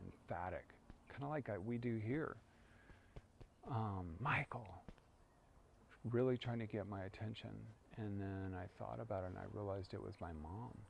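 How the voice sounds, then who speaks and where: Gravelly low-voiced man leading prayers. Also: moderate pace, dull audio, slight background noise. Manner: calm, reflective, chants prayers. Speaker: spiritual practice teacher. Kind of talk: guided prayer and personal story.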